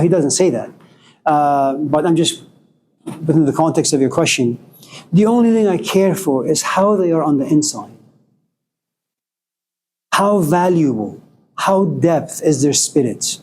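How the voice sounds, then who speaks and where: Guy giving a chatty spiritual talk to a room, bit high voice, soft mellow tone, jokes around. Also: expressive, a little slow, long pauses. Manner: joking, storytelling, conversational. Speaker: spiritual lecturer. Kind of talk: informal lecture with audience questions. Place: lecture room with live audience.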